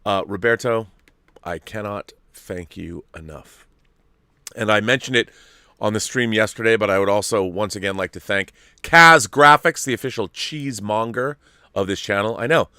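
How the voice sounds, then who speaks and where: A man hosting a casual live-stream chat, excitable and gushing, rambling with restarts. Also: lowish voice, normal speed, smooth, no room sound, clean studio sound. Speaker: host.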